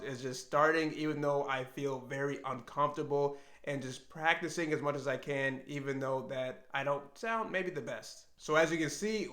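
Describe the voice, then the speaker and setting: A man's voice: fairly high pitch, a bit bright. Candid man reflecting in a roomy echo. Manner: candid and reflective, self-doubting. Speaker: language learner and channel host. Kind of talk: solo talk to camera. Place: at home.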